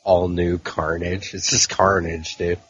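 A man's voice: low-pitched, level tone, measured pace, fairly bright tone, lo-fi sound, slight background noise. A man co-hosting a comics podcast in casual chat, reading out titles and adding dry asides. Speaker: podcast co-host.

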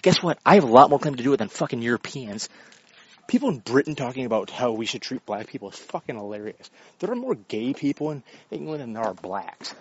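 A man's voice: mid-range voice, expressive, fairly quick, slightly rough. A man delivering a blunt, profane, argumentative monologue while walking his dog. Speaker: vlogger. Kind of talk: casual ranting monologue. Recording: dull lo-fi recording.

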